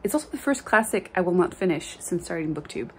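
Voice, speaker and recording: A woman's voice: lowish voice, expressive, fast talker, a little hiss or hum. A woman with a French Canadian accent, a native French speaker, chatting casually and venting in a book vlog, with frequent laughs and fillers. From Quebec, Canada. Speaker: book vlogger.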